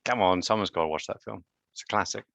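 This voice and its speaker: A man's voice: low voice, fast, creaky, fairly bright tone, no room sound. A man lecturing on genetics in a live online class, chatty and quizzing students with joking asides.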